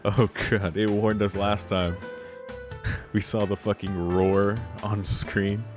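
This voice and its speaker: A man's voice: on the low side, flat delivery, takes it slowly. A man reading a visual novel aloud, breaking off into swearing, laughing commentary between the lines. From United States. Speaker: visual novel let's player. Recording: music playing behind the voice.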